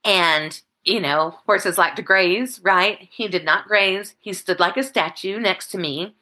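A woman's voice: medium pitch, bright, forceful tone. Emotional woman, choked-up storyteller. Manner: candid, halting, emotional. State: choked up, near tears. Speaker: guest. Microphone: video call.

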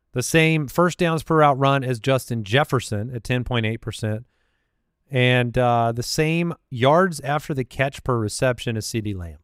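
A man hosting a fantasy football podcast, rattling off statistics in a measured, confident way during casual sports analysis. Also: mid-range voice, clear, resonant tone, dry recording, clean studio sound.

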